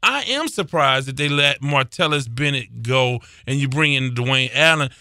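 A man's voice: medium pitch, lively intonation, normal speed, pushed and bright, no room sound, studio quality. A man hosting a sports talk chat, giving opinions with lots of uhs as he thinks aloud.

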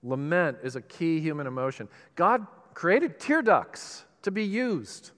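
A man preaching a sermon as a pastor, swinging between loud, emphatic bursts and soft, slow lines. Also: fairly high pitch, lively intonation. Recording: long hall reverb.

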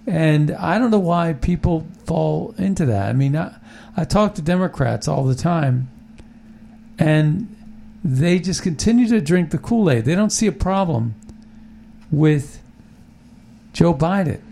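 Brief: gravelly, opinionated talk-show host. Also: male voice, a little high, lively intonation, measured pace, dark tone. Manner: rambling, opinionated, many restarts. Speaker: podcast host. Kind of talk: casual political talk.

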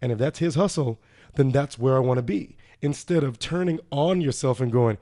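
A man's voice: medium pitch, moderate pace, dark tone. Earnest, emphatic man guest. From Virgin Islands family background. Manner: emphatic and earnest, building points with rising stress. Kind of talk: casual podcast chat.

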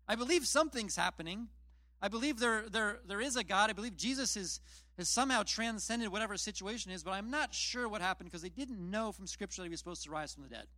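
A man's voice: high-pitched, lively intonation, fast, sharp tone, no room sound. A man preaching a casual sermon, retelling scripture in plain, chatty storytelling with self-deprecating asides. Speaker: pastor.

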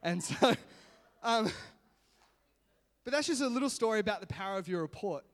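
A man's voice: high voice, lively intonation, normal speed. A man giving a casual sermon, chatty and self-mocking, laughing often as he tells a personal story. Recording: long reverb of a hall.

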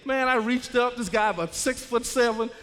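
A man's voice: extremely high pitch, normal speed, slight background noise. A man, an assistant principal telling a funny, dramatic story in church, laughing as he goes. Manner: animated, laughing, dramatic retelling. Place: church sanctuary. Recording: echoey church hall.

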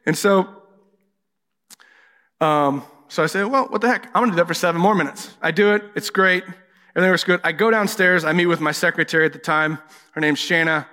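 A man's voice: a little high, sharp tone. A man preaching a sermon as pastor, candid and conversational, telling personal stories to his congregation. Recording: long hall reverb.

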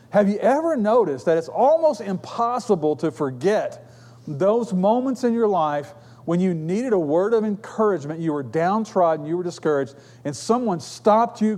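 A man's voice: high voice, darkish tone. A middle-aged man preaching a sermon, telling stories in an earnest, conversational way.

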